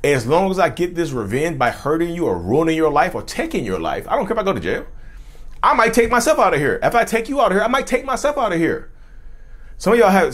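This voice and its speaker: Animated man talking to his viewers. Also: a little high. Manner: animated, repeats and restarts phrases, addresses viewers directly. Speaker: mental health commentator. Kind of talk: casual talk to camera.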